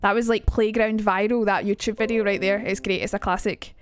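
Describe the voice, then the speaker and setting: A young woman with a Scottish accent chatting casually on a live stream, quick and swearing now and then. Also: mid-range voice, flat delivery, clean tone. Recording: dry room, faint music.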